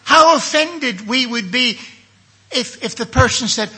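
A man's voice: extremely high pitch, lively intonation, measured pace, sharp tone. An older man from England preaching a sermon emphatically, acting out the voices he quotes.

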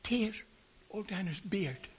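Older male preacher, husky, folksy testimony storyteller. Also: high-pitched, lively intonation, takes it slowly. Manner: storytelling, folksy, acts out voices of others. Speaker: preacher giving his testimony. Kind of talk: testimony sermon.

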